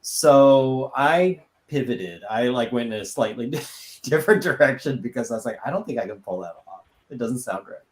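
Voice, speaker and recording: A man's voice: mid-range voice, expressive, moderate pace, hardly any pauses. A man chatting casually with friends on a livestream, thinking aloud with lots of fillers. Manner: rambling, thinks aloud with many likes. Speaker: livestream host. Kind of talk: casual chat. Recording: echoey room.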